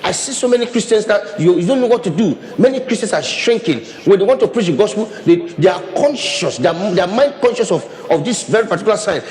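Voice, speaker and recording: A man's voice: high-pitched, lively intonation, fast talker, hardly any pauses, darkish tone. A man preaching a sermon as pastor, talking animatedly, repeating and restarting phrases as he demonstrates with his hands. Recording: long reverb of a hall.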